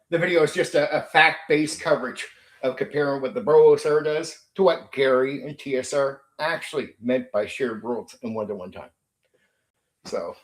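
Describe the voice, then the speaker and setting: A man hosting his own channel, ranting unscripted in an aggrieved, repetitive, emphatic way, swearing and repeating his points. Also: medium pitch. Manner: mimics rivals in sneering quoted voices. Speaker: channel host. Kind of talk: unscripted monologue rant.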